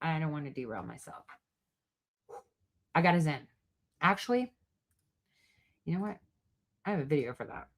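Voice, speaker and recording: A woman's voice: sits low, expressive, normal speed, long pauses. Furious foul-mouthed woman ranting. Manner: profane, angry, swings between loud outbursts and hushed asides. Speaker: host. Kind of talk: heated monologue to an online audience.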